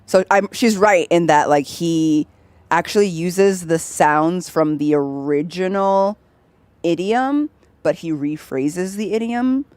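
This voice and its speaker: A young woman streams a game and chats casually, laughing often as she explains things and mimicking voices when she tells anecdotes. Her voice is fairly low, slow, and a little mellow, with no echo.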